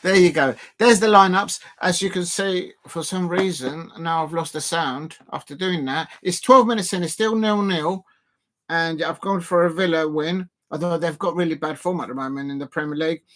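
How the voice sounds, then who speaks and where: A man comments casually on a football match during a live watch-along stream, sitting close to his desk mic. He rambles and pokes fun at himself, with many fillers and restarts. His voice is on the high side and fairly bright, at a normal speed.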